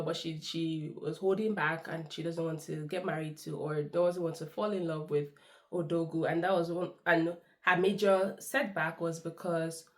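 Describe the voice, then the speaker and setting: A woman's voice: low voice, a little mellow. A woman giving a chatty, effusive film review, laughing often. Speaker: movie reviewer. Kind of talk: casual movie review.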